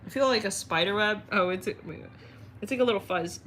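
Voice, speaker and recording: A woman's voice: medium pitch, brisk, fairly bright tone, slight background noise. A woman hosting an astrology live stream, chatting in a rambling, giggly way with her viewers.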